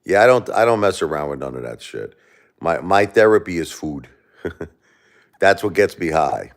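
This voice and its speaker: A middle-aged man chatting loosely on a livestream. His voice sits very low, yet his pitch swings widely as he jokes, swears and rambles through comments. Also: animated, measured pace. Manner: rambling, profane, joking with chat. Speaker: livestream host. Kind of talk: casual livestream chat reading comments.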